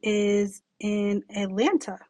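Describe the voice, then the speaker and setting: A young woman who runs a salon, chatting casually on a podcast in a sarcastic, animated way and swearing freely. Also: mid-range voice, takes it slowly, no room sound. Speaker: salon owner and boss.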